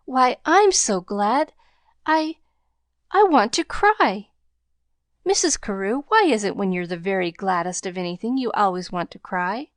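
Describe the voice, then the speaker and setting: A woman voicing an eager, excitable young girl in a storybook, gushing and breathless. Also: mid-range voice, brisk, hardly any pauses, no echo, clean studio sound, natural voice. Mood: overjoyed.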